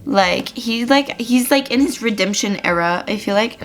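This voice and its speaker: A woman's voice: fairly high pitch, moderate pace. A young woman chatting casually in a reading vlog, gushing about a book with lots of fillers, tearful at times. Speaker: book vlogger.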